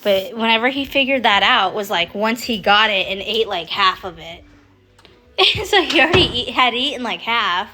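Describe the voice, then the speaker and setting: A young woman talks to her phone on a livestream from home, rambling from one story to the next. Her voice is bright and a bit high. She swears freely and laughs often. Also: lively intonation, normal speed. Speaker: livestream host. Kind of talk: casual chat.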